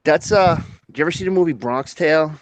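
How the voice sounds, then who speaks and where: A man's voice: on the high side, fast talker, dull audio. A man in loose, crude banter who laughs often and retells scenes from movies.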